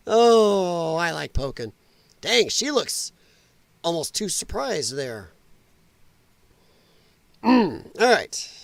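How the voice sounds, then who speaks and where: A middle-aged man hosts a reaction podcast, and his voice sits high and swings widely as he mocks and exclaims. He takes his time over each remark, and the dry, close recording keeps every laugh and groan up front. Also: very animated, drawn-out words, gravelly, pauses often, dry recording. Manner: mocking, exclaiming, laughing often. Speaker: host. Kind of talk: reaction commentary on clips.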